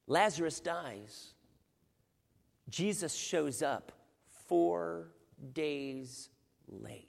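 A man preaching a sermon, telling a Bible story dramatically, dropping to a hush and rising to near shouts, acting out the voices in it. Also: on the high side, expressive, drawn-out words, vocal fry, long pauses, in a large hall. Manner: dramatic, swings from hushed to loud, acts out quoted voices. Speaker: pastor.

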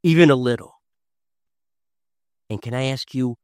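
A man, a father in his thirties, preaching a sermon, swinging from loud emphasis to hushed tones. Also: mid-range voice, unhurried, no room sound, studio quality. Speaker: pastor.

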